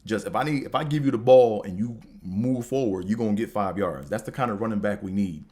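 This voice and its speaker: A man's voice: fairly low pitch, fairly quick, dark tone. A man hosting a podcast, talking casually and animatedly about sports with slang, swearing and rambling restarts. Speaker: podcast host.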